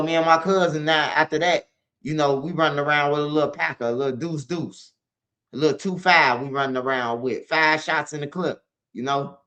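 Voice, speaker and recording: A man's voice: a little high, fairly bright tone. A man with a Chicago accent telling his story in casual, profane street slang, full of "man" and "bro".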